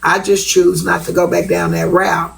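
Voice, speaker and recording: A woman's voice: on the low side, level tone, normal speed, creaky, low-quality recording. A woman talking bluntly on a live stream, repeating herself for emphasis. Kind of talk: casual live-stream chat.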